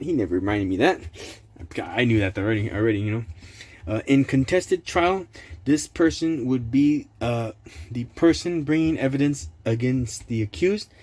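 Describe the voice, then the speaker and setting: A man's voice: mid-range voice, darkish tone. A man hosting his own channel, reading court papers aloud in casual commentary, sarcastic and indignant, laughing often. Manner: indignant outbursts.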